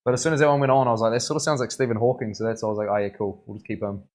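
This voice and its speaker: A man's voice: mid-range voice, fairly even intonation, very fast, a little mellow. A young man, a tattoo artist, chatting casually on a live stream while he works, laughing often and thanking viewers. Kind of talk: casual livestream chat while working.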